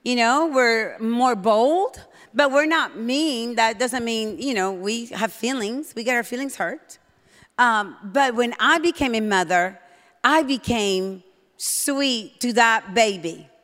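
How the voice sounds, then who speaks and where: A middle-aged woman delivers a sermon from a church pulpit, her slightly raised pitch carrying bold, emphatic energy. She gets excited and loud at moments, and a long hall reverb trails after her words. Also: slow. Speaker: preacher.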